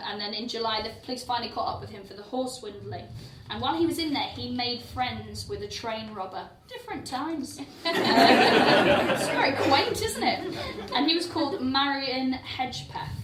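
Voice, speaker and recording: A woman's voice: on the high side, fairly bright tone, slight background noise. A woman comedian co-hosting a live show, telling a crime story with a lot of swearing and laughter, acting out the quotes. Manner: laughing often, profane, acts out quotes. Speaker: comedian co-host. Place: windowless venue at a festival, live audience. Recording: roomy live venue from a distant mic.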